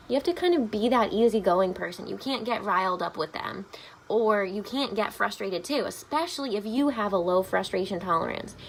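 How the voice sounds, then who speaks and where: A woman's voice: mid-range voice, lively intonation, moderate pace, creaky, a little hiss or hum. Upbeat woman therapist. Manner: upbeat, frequent "um" fillers. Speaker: family therapist. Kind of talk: informational talk to camera.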